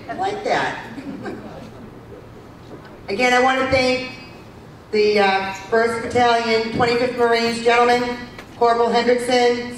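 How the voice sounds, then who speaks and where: Woman organizer thanking guests in an echoey hall. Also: a little high. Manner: casual, halting, with fillers. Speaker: event organizer. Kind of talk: thank-you announcements at a luncheon. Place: banquet hall at a country club luncheon. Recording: echoey hall from far off, crowd noise.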